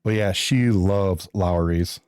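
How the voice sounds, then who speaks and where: A man's voice: deep voice, slow pace, a little mellow, clear, resonant tone, no echo, studio quality. A man casually chatting with his viewers during a live stream, joking and thinking aloud while he builds.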